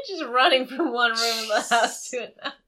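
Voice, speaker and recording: A woman's voice: a little high, big pitch swings, normal speed, pushed and bright. A woman giving playful, giggly running commentary while watching a movie with a friend. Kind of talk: casual watch-along chat.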